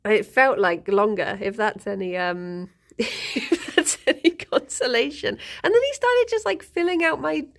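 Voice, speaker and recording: Giggly high-voiced woman streamer. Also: unhurried, vocal fry. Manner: giggly, animated storytelling. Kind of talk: casual chat.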